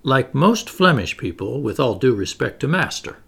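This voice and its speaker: A man voicing a serene, deferential manservant who speaks calmly and politely. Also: medium pitch, normal speed, creaky, breathy edge, exaggerated voice. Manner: calm, polite, unruffled.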